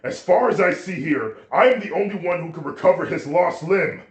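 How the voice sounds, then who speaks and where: A man voicing a desperate, determined teenage boy hero who shouts and strains. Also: sits high, expressive, normal speed, voice pushed up. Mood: furious shouting. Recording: roomy echo.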